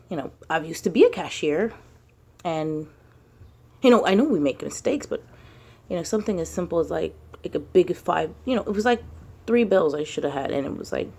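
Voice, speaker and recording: Gravelly low-voiced woman, rambling vlog talk. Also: darkish tone. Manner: rambling, frequent fillers and casual swearing. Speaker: spiritual vlogger. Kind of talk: casual monologue to camera.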